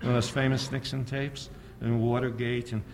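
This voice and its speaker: A man giving a public history lecture, sardonic and animated, firing off rhetorical questions and often chuckling at his own points. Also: medium pitch, moderate pace, gravelly, a little hiss or hum.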